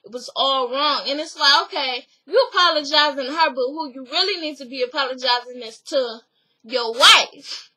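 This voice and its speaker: A young woman recapping a reality show in a casual vlog, telling it in an animated, profane way and acting out the people in it. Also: high voice, normal speed, poor audio.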